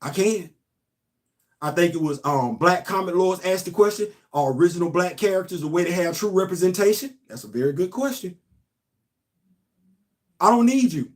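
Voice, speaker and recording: An emphatic male commentator, hammering points home through repetition. His voice sits a bit high for a man. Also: fast, hardly any pauses. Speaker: host. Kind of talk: casual commentary monologue.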